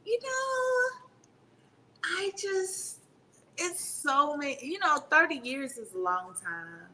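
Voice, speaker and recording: A woman in her fifties, a retired Army sergeant major, telling stories in a casual interview, animated and laughing as she talks. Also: sits high, slow, a little hiss or hum, low-quality recording.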